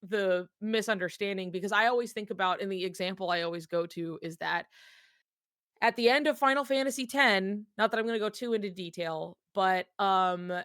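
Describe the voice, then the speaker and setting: A woman co-hosting a casual fan discussion podcast, talking in a rambling, animated way with lots of filler words. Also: mid-range voice, moderate pace, dry recording, studio quality.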